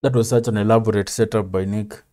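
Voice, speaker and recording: Mellow laid-back male reaction host. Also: lowish voice, steady tone, fast. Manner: laid-back, rambling, lots of fillers like "man". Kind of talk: casual reaction commentary.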